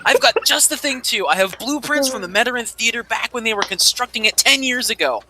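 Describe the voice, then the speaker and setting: Guy doing a fanboy map seller in a tabletop game, bright and bouncy, gushes a lot. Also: extremely high pitch, a little fast, a little hiss or hum, pitched above the performer's own voice, full character voice, poor audio. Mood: gushing. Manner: gushing fanboy, breathless excitement. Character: eager starstruck male cartographer shopkeeper.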